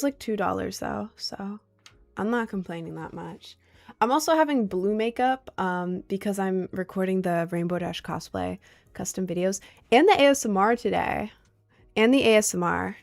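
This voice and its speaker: A young woman chats away on a casual livestream. She rambles from one thought to the next and greets viewers by name, in a voice of middling pitch. Faint music plays softly behind her. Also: creaky.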